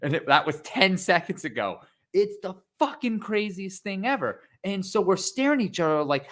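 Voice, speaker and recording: Young male co-host, animated and excitable, pitch swinging all over, loud crowd impressions, casual swearing. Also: moderate pace. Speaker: podcast co-host.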